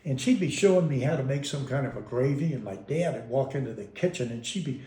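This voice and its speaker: A man's voice: on the high side, lively intonation, moderate pace, dark tone. Rambling man recalling family, roomy sound. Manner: rambling, self-interrupting, amused storyteller. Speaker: interviewee. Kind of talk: casual reminiscing. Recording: roomy echo.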